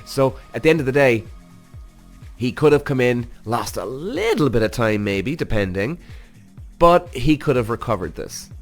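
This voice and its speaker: A man hosting a podcast, reacting to a motorsport documentary in a casual, animated way, swearing freely and speaking straight to his listeners. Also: mid-range voice, moderate pace, faint music behind. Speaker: podcast host, former racing driver.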